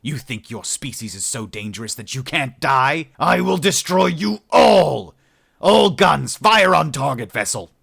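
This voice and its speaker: A man voicing a hot-tempered alien male starship commander who snarls orders and shouts in rage. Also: medium pitch, moderate pace, hardly any pauses, breathy edge, no room sound, studio quality. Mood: furious.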